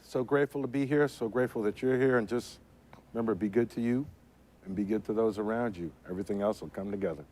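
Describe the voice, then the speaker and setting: A man's voice: lowish voice, fast talker, warm tone, slight background noise, low-quality recording. A man speaking as a panel guest, earnest and grateful.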